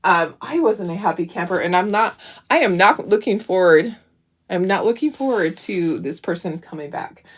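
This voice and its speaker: Chatty woman with a lively voice. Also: lowish voice, moderate pace. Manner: chatty, tells stories while painting and reads viewer comments aloud. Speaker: craft channel host. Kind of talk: live craft stream chatting while painting.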